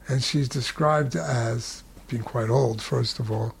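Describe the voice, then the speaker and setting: A man telling a spiritual story in a relaxed, conversational way, with humorous asides. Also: medium pitch, measured pace, creaky, slight background noise.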